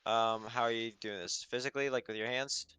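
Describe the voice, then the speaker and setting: A man narrating and running a tabletop game as game master, unhurried and hesitant with fillers. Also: medium pitch, steady tone, pushed and bright, clean tone, no room sound.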